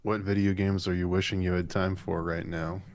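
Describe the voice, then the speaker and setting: Reading viewer questions aloud on a live stream he co-hosts, a comic artist launches into chatty, rambling, enthusiastic stories in reply. He speaks deep and flat at a moderate pace, with a little hiss or hum in the audio.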